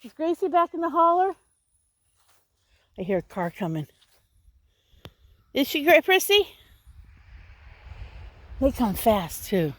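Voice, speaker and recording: A woman's voice: sing-song, slow pace, long pauses, no room sound. A woman, chatting casually in a vlog outdoors by her house and talking to her dogs. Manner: chatty, talks to her dogs in a high baby voice. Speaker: vlogger. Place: outdoors around a country house.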